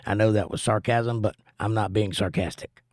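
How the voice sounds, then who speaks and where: A man's voice: fairly low pitch, fairly even intonation, normal speed, no echo, studio quality. A middle-aged American man with a plainspoken, earnest manner, chatting with his stream audience and teaching about the Bible. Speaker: livestream host and Bible teacher. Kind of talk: casual chat and Bible teaching.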